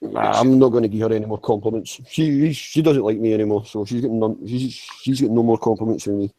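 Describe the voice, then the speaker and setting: A man's voice: on the low side, quick pace, warm tone, no room sound, low-quality recording. A man chatting casually, rambling with stammered restarts and frequent swearing. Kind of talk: casual chat.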